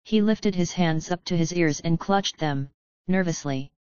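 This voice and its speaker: Smooth low-voiced woman narrator. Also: no room sound, highs cut off. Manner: steady, measured reading. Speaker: audiobook narrator. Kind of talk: scripted narration.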